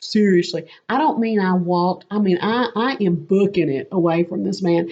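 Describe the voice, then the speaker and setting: A woman telling a lively, self-mocking personal faith story as a testimony. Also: mid-range voice. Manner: animated, quick and self-mocking. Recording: slightly muffled lo-fi audio.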